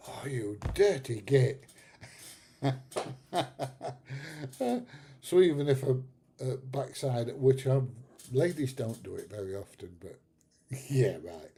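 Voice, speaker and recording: A middle-aged livestream host with a medium-pitched, warm, slightly rough voice chats casually with his viewers. He laughs at his own anecdotes and lets the odd curse slip.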